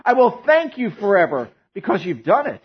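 Husky-voiced pastor preaching a lively sermon. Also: male voice, high voice, normal speed, highs cut off. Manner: animated, joking storyteller who drops to a hushed tone in prayer.

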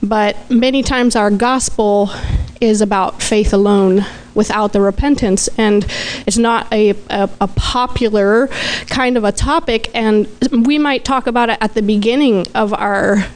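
A woman's voice: mid-range voice, a little slow, smooth. A woman in a study group sharing an insight in discussion, hesitant with restarts.

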